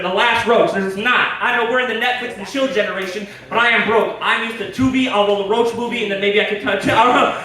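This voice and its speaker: A man's voice: sits high, pushed and bright. A man doing a crude stand-up set, laughing at his own jokes and swearing a lot. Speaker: stand-up comedian. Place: comedy club stage. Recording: echoey club, distant mic, crowd noise.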